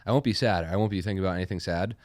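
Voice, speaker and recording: A man's voice: deep voice, racing, no echo, clean studio sound. A man from Boston co-hosting a podcast, laid-back and swearing, telling stories full of quoted dialogue. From Boston, USA. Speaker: podcast co-host. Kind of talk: casual chat.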